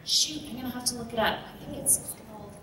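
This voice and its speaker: A woman voice actress chats in an upbeat, rambling way on a convention panel. Her voice carries from a distance through a very echoey room. Room hiss sits clearly under her words. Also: fairly high pitch, fast. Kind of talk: casual panel talk. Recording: echoey hall recording from far off. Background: room ambience.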